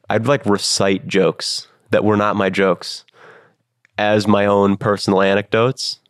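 Gravelly young man, rambling and casual. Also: sits low, no room sound, studio quality. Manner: rambling, self-deprecating, many fillers. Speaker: guest comedian. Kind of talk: casual interview talk.

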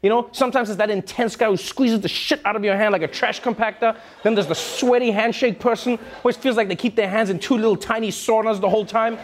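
Animated South African comedy host, high voice. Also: male voice. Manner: animated, mocking, quick asides. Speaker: late-night comedy host. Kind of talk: stand-up monologue.

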